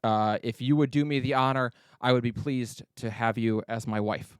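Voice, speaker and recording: A man's voice: mid-range voice, fairly even intonation, moderate pace, smooth, no echo, clean studio sound, natural voice. A man voicing a nervous, overly formal young male clan noble who stammers through apologies.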